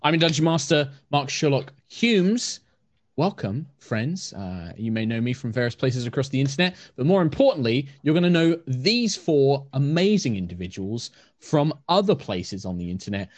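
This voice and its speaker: A man's voice: mid-range voice, moderate pace, no echo. A man hosting a tabletop game show as dungeon master, chatting playfully and rambling into tangents. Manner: playful, rambling, lively intonation. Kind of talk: casual show opening chat.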